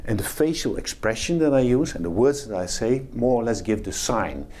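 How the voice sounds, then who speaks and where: Facing the camera for a video lecture, a male professor walks through a topic and acts out the behaviours he's explaining. He speaks at a moderate pace, expressive and warm, with a medium pitch.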